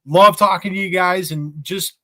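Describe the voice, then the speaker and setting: A man's voice: high-pitched, fairly even intonation, moderate pace, a bit bright, slight background noise. A man hosting a casual gaming podcast, laughing often and steering the talk between topics. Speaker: podcast host.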